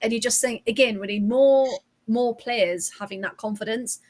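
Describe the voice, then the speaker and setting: Brief: woman, podcast host, fairly high voice, chatty and full of ums. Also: moderate pace, a little mellow. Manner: chatty, reads out chat messages, frequent ums. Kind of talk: casual chat and live match watch-along.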